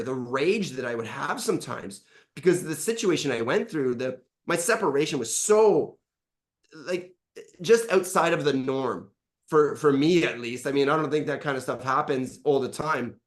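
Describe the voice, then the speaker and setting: A middle-aged man, speaking with a fairly high pitch, gives a candid interview testimonial about being a coaching client. He's animated, swears freely, and acts out conversations from his past.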